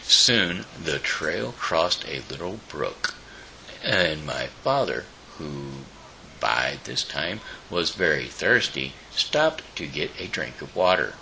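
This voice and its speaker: A man hosting his own show, reading a children's storybook aloud in a halting way with small slips. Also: rumbling low, big pitch swings, creaky, pushed and bright, slight background noise, low-quality recording. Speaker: show host.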